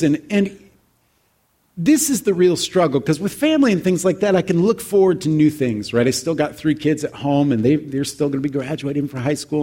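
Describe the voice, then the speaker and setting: A man's voice: on the high side, darkish tone. A man in his forties telling a heartfelt personal story to an audience in a reflective, conversational way. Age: 40s. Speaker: speaker addressing an audience.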